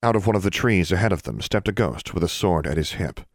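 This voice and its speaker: A man narrating an audiobook in an even, measured reading. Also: sits low, no room sound, studio quality. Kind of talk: scripted narration.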